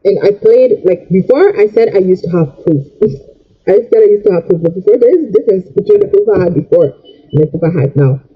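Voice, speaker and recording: A young woman vlogger vents in an upset, rambling get-ready-with-me rant while doing her makeup. Her medium-pitched voice is brisk and lively with a breathy edge, and the highs in the audio are cut off.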